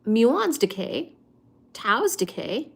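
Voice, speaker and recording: Young female streamer, fairly high voice, chatty and animated while talking science with her viewers. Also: slow pace, vocal fry, slightly rough. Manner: animated and expressive, thinking aloud with laughs. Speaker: livestream science host reading viewer chat. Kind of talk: casual study-stream chat about physics.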